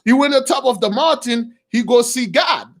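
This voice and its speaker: A man with an extremely high voice speaks at normal speed, preaching through an animated moral story. He is excitable and bursts into shouts, using simple non-standard English.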